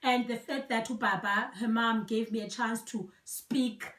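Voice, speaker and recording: Young Xhosa-accented woman, slightly high voice, earnest and reflective personal storytelling, recorded from a distance in a roomy space. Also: fairly even intonation, unhurried, fairly bright tone. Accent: South African, Xhosa. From South Africa. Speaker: vlogger. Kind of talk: personal storytelling, code-switching. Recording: echoey room, voice from a distance.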